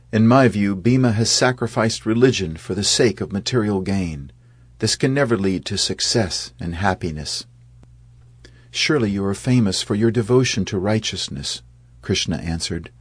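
A man reading an epic tale aloud in measured scripted narration, lifting his voice for the quoted speeches. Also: low-pitched, breathy edge, no echo.

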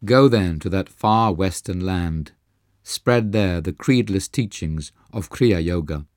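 A man's voice: low voice, takes it slowly, a little mellow, no echo, clean studio sound. A man doing a stern, grave elderly father.

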